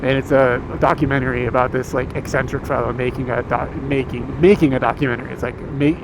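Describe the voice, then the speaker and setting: Casual American male streamer, thirties, easygoing rambling chat, gravelly edge, noisy car recording. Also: medium pitch, steady tone, fast talker. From United States. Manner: rambling, laid-back, laughs often. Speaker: livestream host. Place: inside a moving car on a road.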